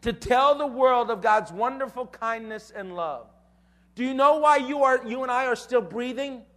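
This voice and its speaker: A man's voice: very high-pitched, normal speed, fairly bright tone. A man preaching a sermon, telling stories and calling on the crowd to repeat phrases back to him. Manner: storytelling, engages the crowd with call-and-response. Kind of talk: sermon to a youth audience.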